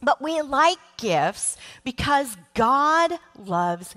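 Speaking into a stage mic in a big, reverberant sanctuary, a middle-aged woman who leads children's ministry gives a church sermon. Her mid-range voice is warm and heartfelt, slow and earnest, with frequent ums, and the recording has a long church-hall reverb.

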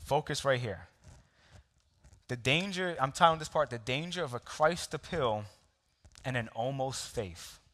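A pastor preaches to his congregation, spinning a personal story with quick laughs and direct questions to the room. His voice is bright and forward, and it rings out with a long reverb in the hall. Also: mid-range voice, animated. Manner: storytelling with laughs and audience asides. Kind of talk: sermon.

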